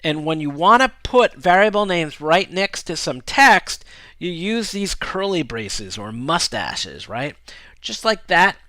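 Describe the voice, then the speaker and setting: An upbeat man walks through a coding screencast in a casual, chatty way, often checking in with the listener. His voice is bright and lively, slightly higher than most men's. The sound is close and dry. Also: takes it slowly, no room sound. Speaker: programming instructor.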